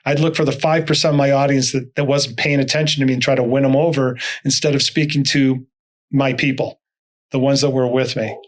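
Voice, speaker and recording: A man's voice: medium pitch, a little fast. An older man, a motivational speaker, telling stories as an interview guest and acting out the dialogue in them. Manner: animated, acts out dialogue in stories. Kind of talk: storytelling interview talk.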